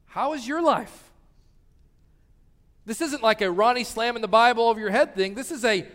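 A man in his thirties preaching a sermon in a large church hall, swinging from loud appeals to soft pleading. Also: very high-pitched, moderate pace, long pauses. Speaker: pastor. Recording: long hall reverb.

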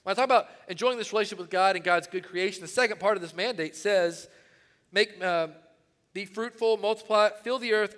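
A man preaching a sermon as pastor, animated, swinging between loud emphatic phrases and hushed ones. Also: high-pitched, long reverb tail.

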